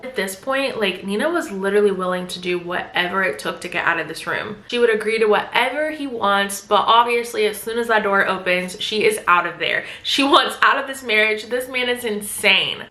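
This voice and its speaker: A woman's voice: mid-range voice, brisk, few pauses, pushed and bright, reverberant. A woman giving a chatty, casual book recap full of filler words. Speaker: book vlogger.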